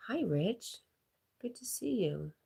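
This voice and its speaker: A woman's voice: medium pitch, big pitch swings, slow pace, vocal fry, husky. A woman hosting a casual livestream, reading viewer comments aloud, laughing often and talking to her dog. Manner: reads chat aloud, talks to her dog; laughs often, drops to soft murmurs. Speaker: livestream host.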